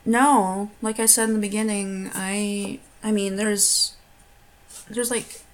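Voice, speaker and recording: A woman's voice: medium pitch, fairly even intonation, slow pace. A young American woman doing a casual accent-tag video, giggling often between her answers. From United States. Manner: giggly, laughs between words. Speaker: vlogger.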